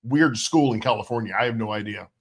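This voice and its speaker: A co-host on a casual live stream who keeps up a run of sarcastic jokes. The voice sits in a middle pitch and the delivery is loose and bantering. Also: fast talker, husky. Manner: joking, sarcastic. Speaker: co-host and assistant.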